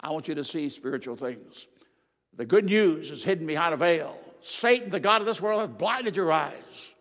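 Older preacher with a high voice echoing in a hall. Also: male voice, animated, normal speed. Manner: emphatic, swings between loud declarations and quiet asides. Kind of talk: sermon with slides. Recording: long reverb of a large hall.

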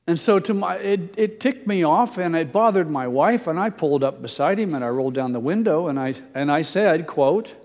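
A man's voice: fairly high pitch, expressive, moderate pace, hardly any pauses, darkish tone. An older man preaching a sermon, telling a personal story in a conversational, self-deprecating way. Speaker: pastor. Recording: long hall reverb.

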